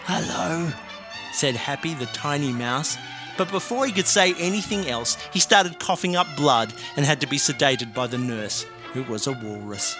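A man telling a dark comic story deadpan and bantering as a co-host. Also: medium pitch, normal speed, over music. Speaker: comedy podcast co-host.

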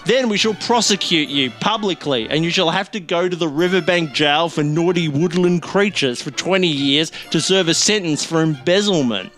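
A man's voice: on the high side, normal speed, few pauses, fairly bright tone, faint music behind, lightly acted. A man voicing a large, crooked male zebra boss in a comic story, pompous in manner.

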